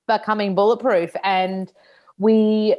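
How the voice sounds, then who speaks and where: A woman's voice: medium pitch, flat delivery, takes it slowly, lo-fi sound. An Australian woman in her thirties, an author talking openly about her own setbacks in a casual interview, with lots of likes and restarts. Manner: open, reflective, frequent likes and restarts. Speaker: author and nutritionist guest. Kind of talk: candid casual interview talk.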